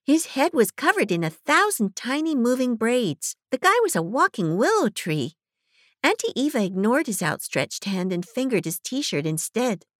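A woman narrating a story in the first person with a wry, animated delivery. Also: on the high side, normal speed, no room sound, clean studio sound. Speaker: audiobook narrator.

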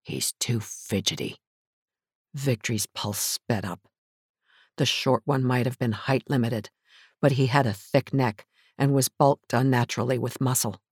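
Audiobook narrator, mid pitch, measured, close dry studio mic. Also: fairly even intonation, husky, dry recording. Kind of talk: scripted narration.

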